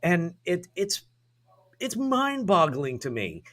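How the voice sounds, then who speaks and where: A man chats on a talk show, his pitch swinging up and down as he talks. He stresses his words deliberately to drive each point home. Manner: deliberate, emphatic, lively pitch. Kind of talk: casual chat.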